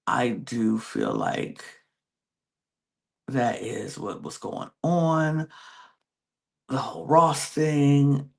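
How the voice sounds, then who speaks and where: A man with a gravelly, fry-tinged voice chats through a reality-show recap at an unhurried pace. He keeps slipping into quick impressions of the contestants' reactions as he tells the story. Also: mid-range voice, lively intonation. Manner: retells scenes by acting out contestants' quoted reactions. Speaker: podcast host.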